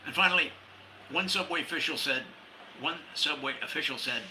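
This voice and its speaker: Guy reading his own jokes off the page, very bright tense voice, little hiss behind, chuckles at himself. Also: fairly quick, rough recording. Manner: self-amused, laughs at own jokes, jumps in pitch for quoted characters. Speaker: humorist podcast host. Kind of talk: reading comic jokes and essays.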